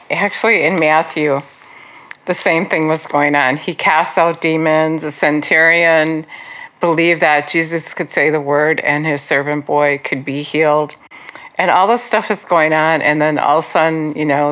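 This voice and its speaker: Woman, low voice, earnest conversational Bible teacher, casual fillers. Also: fairly even intonation, measured pace, fairly bright tone. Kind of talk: informal Bible teaching with prayer.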